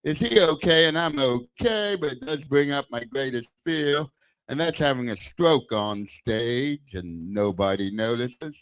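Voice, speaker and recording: A man's voice: mid-range voice, lively intonation, a little slow, fairly bright tone, clear, resonant tone, dry recording. An older man, doing a crude, self-deprecating stand-up set into a handheld mic at a small bar open mic. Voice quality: lisp. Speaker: stand-up comic. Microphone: handheld stage mic.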